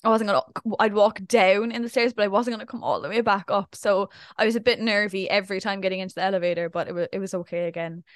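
A woman's voice: medium pitch, fairly even intonation, quick pace, few pauses, dry recording, studio quality. A young adult woman, co-hosting a casual podcast and telling a story in a chatty way, acting out what people said. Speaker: podcast co-host. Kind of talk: casual chat.

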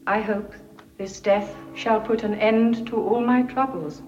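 An actress playing a calm Scottish queen facing her execution, speaking slowly and softly. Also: medium pitch, slight background noise, close to an everyday voice. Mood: serene. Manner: slow, soft, solemn. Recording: dull, roomy old film audio.

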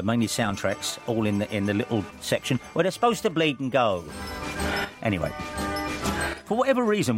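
An older man hosting a radio show, telling a rambling story in casual chat. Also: mid-range voice. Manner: chatty storyteller, rambling with restarts.

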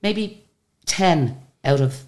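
Older woman, radio guest; low, expressive voice, animated storyteller who acts out each exchange. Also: extremely slow. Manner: chatty, animated retelling of stories with quoted dialogue. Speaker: guest singer. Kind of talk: radio interview, anecdotal storytelling.

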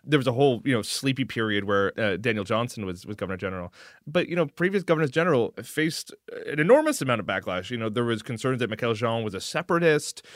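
A man hosting a casual political chat, talking fast with a lively, swinging pitch and a teasing edge. The sound is close and dry. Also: no echo. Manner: quick, animated, teasing. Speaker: podcast host.

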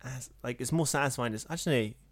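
Joking English podcast host, dry sound. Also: male voice, lowish voice, brisk, no echo. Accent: English with a slight American tinge. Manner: jokey, rambling, lots of "like". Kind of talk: casual podcast chat.

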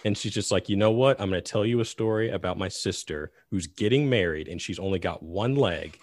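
Deep-voiced male podcast co-host. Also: brisk, a little mellow. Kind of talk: casual chat.

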